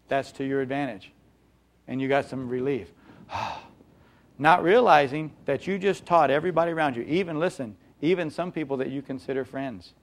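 Male preacher, fairly high voice, casual sermon that questions the listeners directly. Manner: conversational, dramatizes examples with acted-out voices.

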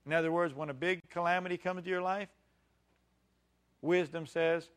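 Middle-aged male preacher, emphatic sermon delivery, fairly high voice. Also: steady tone, normal speed, pauses often, smooth. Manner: emphatic preaching with call-and-response questions. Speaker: pastor.

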